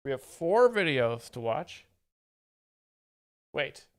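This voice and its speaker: A man hosting a live stream, giving mock-expert commentary and reading chat in a deadpan, easily distracted way. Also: fairly high pitch, slow, dry recording, clean studio sound. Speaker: livestream host. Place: home setup with several screens.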